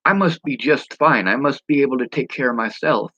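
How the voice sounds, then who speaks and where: A man's voice: medium pitch, a little fast, few pauses, sharp tone, no room sound, dull audio. A man talking frankly and bluntly to camera in a casual vlog, swearing freely. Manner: mimics speech impediments. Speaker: vlogger.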